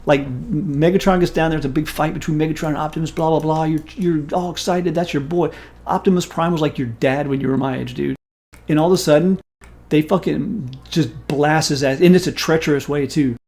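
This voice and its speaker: A man in his forties, a stream host, telling a story in casual chat in an animated, profane and emphatic way. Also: fairly high pitch, a little fast.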